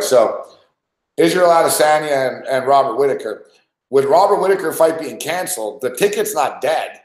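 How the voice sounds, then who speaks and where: A sports betting podcast host with a slightly high voice rants about his bets in casual betting talk, swearing heavily and sounding frustrated. The recording has a roomy sound.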